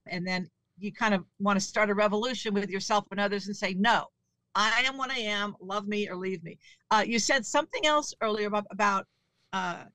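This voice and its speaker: Bright-voiced woman as an interview guest. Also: medium pitch, dry recording. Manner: candid, conversational storytelling. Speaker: actress, comedian and author guest. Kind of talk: casual interview chat.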